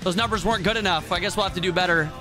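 A man giving casual, excitable let's play commentary, swearing freely and talking to his viewers. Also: high voice, rapid-fire, music in the background. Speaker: gaming channel host.

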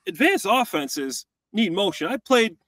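A man co-hosting a football tape breakdown, talking casually and acting out plays in quick quoted voices. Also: high voice, sing-song, a bit bright, no echo. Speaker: co-host, former tight end.

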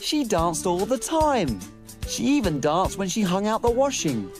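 A woman's voice: medium pitch, very animated, unhurried, over music. A woman playing a tiny cheerful female cook, telling a story in a sing-song, bouncy children's TV style. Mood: cheery storytelling.

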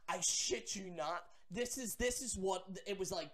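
A man ranting to the camera about wrestling fans, animated and profane, with mocking asides. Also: high voice, normal speed, hardly any pauses. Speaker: wrestling vlogger. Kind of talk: ranting commentary.

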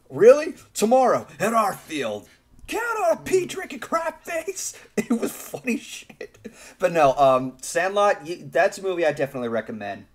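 A man hosting a casual preshow chat with friends on a voice call, rambling and laughing at his own stories. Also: mid-range voice. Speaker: streamer host.

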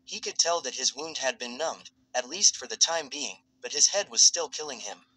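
A man reading fan fiction aloud as a narrator in a steady, even storytelling voice. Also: medium pitch, moderate pace, no room sound, low-quality recording.

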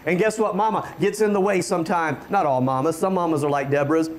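High-voiced man preaching fervently. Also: quick pace. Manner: fervent preaching with frequent stammered restarts, rising to shouts. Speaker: pastor. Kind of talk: sermon.

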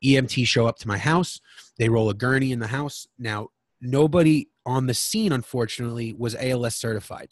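A man's voice: medium pitch, no room sound. Guy on a podcast telling his story real frank, swears a lot, mid voice, dead dry mic. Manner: frank and emotional, swears freely. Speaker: podcast guest. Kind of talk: candid personal storytelling.

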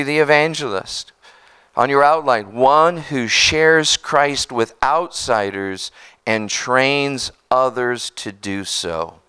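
Pastor guy preaching, high crisp voice, animated storytelling, asks the church to answer back. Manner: animated storytelling with call-outs to the congregation. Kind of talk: sermon.

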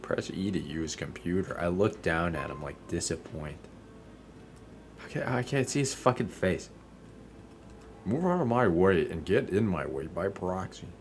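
A man's voice: deep voice, lively intonation, a little slow, faint music behind. A young man giving casual, profane, joking commentary while he plays a video game. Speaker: gameplay streamer.

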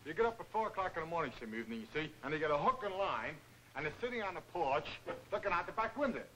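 Goofy boxer rambling nonsense real fast, 1940s movie comedy. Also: male voice, on the high side, sing-song, a bit bright, slight background noise, low-quality recording. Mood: earnest. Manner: slangy, earnest nonsense talk. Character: dim-witted cheerful male boxer, rambling nonsense. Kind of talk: 1940s film comedy acting.

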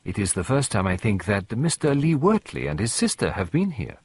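A man voicing a chatty, old-fashioned female cook who rambles fondly about the old ways, in a husky voice. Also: on the low side, huge pitch swings, moderate pace, exaggerated voice.

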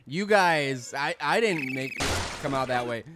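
A young man hosting a video game let's play, rambling goofily and suddenly yelling a silly word. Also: medium pitch, animated, measured pace, background noise. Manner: goofy, rambling, randomly yells a silly word. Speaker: gaming channel host.

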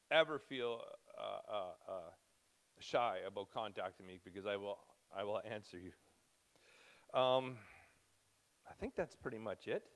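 A man's voice: medium pitch, a bit bright. Rambling, emotional man preaching. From Canada. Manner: rambling, self-interrupting, emotional. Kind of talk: informal church talk.

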